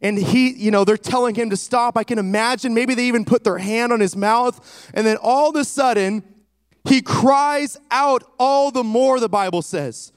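A man's voice: very high-pitched, normal speed, clean tone, no echo, studio quality. A man preaching a sermon with emphasis, retelling a scripture story and calling out to his congregation.

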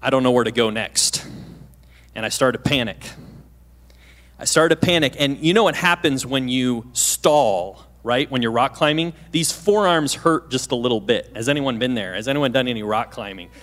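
A man's voice: medium pitch, moderate pace, fairly bright tone. A man in his thirties gives a casual, story-driven sermon from a church stage, with a mid-range voice. He drops in self-deprecating jokes and keeps asking the congregation questions. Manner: chatty, self-deprecating, asks the audience questions. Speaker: guest pastor.

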